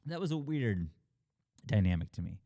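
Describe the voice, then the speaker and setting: A man co-hosting a casual film discussion, retelling scenes with sudden pitch jumps as he acts out characters, with lots of swearing and fillers. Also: normal speed, no echo, clean studio sound. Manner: animated retelling, acting out characters' lines with big pitch jumps. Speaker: podcast co-host reviewing a film. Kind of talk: casual chat.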